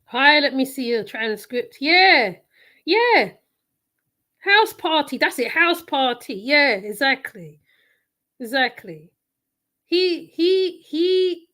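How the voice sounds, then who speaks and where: A woman's voice: sits high, sharp tone. A woman host giving blunt, repetitive casual commentary while reacting to a video clip. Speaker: channel host reacting to clips.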